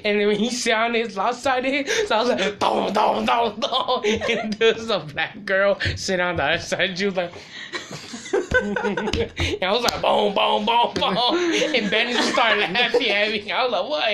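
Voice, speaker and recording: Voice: mid-range voice, animated, normal speed, crowd noise. A speaker chatting with friends who laughs through a story and imitates sounds. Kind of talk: casual chat among friends.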